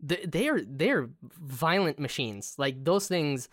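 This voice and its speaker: A woman co-hosting a casual movie podcast, relaxed, agreeing easily and laughing quietly. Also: low-pitched, slow pace, no echo, clean studio sound. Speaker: podcast co-host. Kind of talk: casual movie-review chat.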